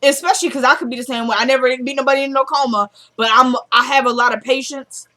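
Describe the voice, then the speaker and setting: Eine Frau mit Südstaatenakzent, die locker eine Serienfolge nacherzählt und die Figuren mit tieferer Stimme zitiert. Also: female voice, steady tone, fast talker, pushed and bright. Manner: retells scenes, quoting characters in a lowered voice. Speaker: TV episode recap vlogger. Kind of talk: casual recap chat.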